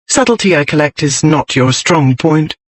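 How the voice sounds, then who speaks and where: A man's voice: a little high, animated, normal speed, dry recording. A man voicing a cool, arch young lady. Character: sharp-witted young English lady, cool and unruffled.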